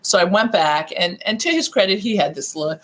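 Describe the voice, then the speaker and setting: A middle-aged woman life coach telling stories in a podcast interview, animated and often acting out the voices of the people she quotes. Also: mid-range voice, fairly quick, a little hiss or hum.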